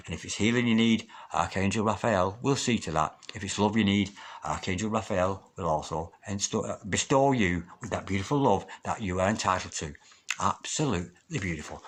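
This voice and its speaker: Low-voiced guy doing a tarot reading, gets all excited, keeps repeating the same invocations. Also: brisk, noisy background. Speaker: tarot reader. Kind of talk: solo tarot reading video.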